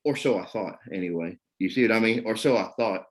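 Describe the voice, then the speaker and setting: A man's voice: lowish voice, fairly quick. Man telling his story with rambling fillers. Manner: rambling, repeats fillers like "you know what I mean". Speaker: person sharing his recovery story. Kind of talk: candid personal testimony.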